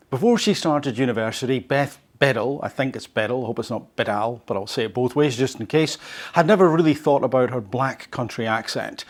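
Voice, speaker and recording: A male podcast host who reads an article and comments on it, conversational and fond of rhetorical questions. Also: mid-range voice. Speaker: host of a language learning podcast.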